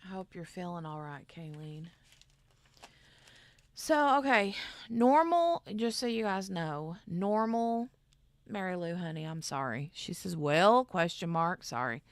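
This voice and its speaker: Slow, gravelly woman chatting. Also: on the low side, big pitch swings, dry recording. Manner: rambling, chatty, reads chat aloud. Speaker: craft channel host. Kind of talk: casual livestream chat.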